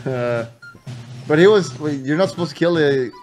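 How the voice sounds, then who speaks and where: A man streaming a war game, bantering and swearing with teammates over voice chat, shouting mock officer commands. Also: on the high side, normal speed, soft background music. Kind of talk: casual gaming banter with voice chat.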